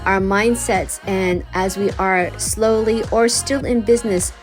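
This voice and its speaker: A woman hosting a casual podcast, chatty and rambling, with many fillers and restarts and easy laughs. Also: mid-range voice. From United States. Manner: laughs easily. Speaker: podcast host. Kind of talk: casual solo podcast chat.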